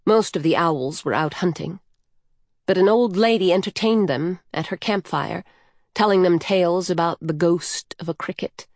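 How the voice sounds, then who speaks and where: A woman reads a storybook in calm, measured narration. Her pace is slow and unhurried and her voice sits on the low side. The sound is close and dry. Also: no room sound. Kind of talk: scripted narration.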